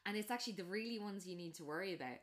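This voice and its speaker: A woman chatting casually, retelling a film plot and acting out the characters' lines, with lots of fillers. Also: very fast. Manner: animated storytelling, acts out characters' lines in a raised pitch; many fillers and restarts.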